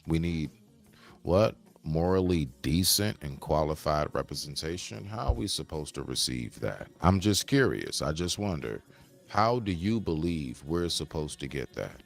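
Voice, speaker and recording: A man's voice: a bass voice, sing-song, a little slow, creaky, faint music behind. A man doing reaction commentary on a video, preachy and full of rhetorical questions. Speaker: commentary streamer.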